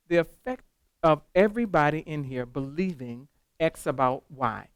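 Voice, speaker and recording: A man leading a teacher training workshop, lively and animated, quizzing the room with questions as he goes. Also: on the high side, moderate pace, smooth, no room sound. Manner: animated, talks to the room with call-and-response questions. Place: classroom.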